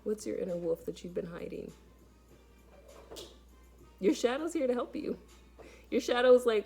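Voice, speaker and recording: A woman, a spiritual teacher, giving an animated spiritual talk in a casual, emphatic and dramatic way, speaking straight to her viewers. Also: medium pitch, unhurried, creaky, long pauses, faint music behind.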